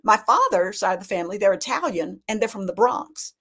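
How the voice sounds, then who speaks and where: A middle-aged woman from Alabama, telling family stories as a guest in a casual chat, animated, with lots of restarts. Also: mid-range voice, fairly quick, slightly rough.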